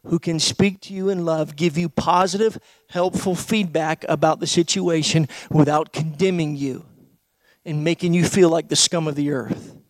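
High-voiced emphatic male pastor. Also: steady tone, moderate pace, no echo. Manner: emphatic, rhetorical questions, swings loud and soft. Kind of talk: sermon.

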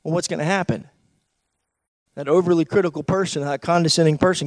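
High-voiced emphatic male pastor. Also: a little fast, long pauses, no echo. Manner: emphatic, rhetorical questions, swings loud and soft. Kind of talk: sermon.

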